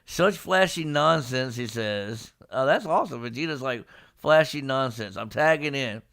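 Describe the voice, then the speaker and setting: A man hosting a casual live-streamed manga discussion, retelling scenes with lively put-on character lines and frequent laughs. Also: mid-range voice, normal speed, vocal fry. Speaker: podcast host. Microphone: live stream microphone.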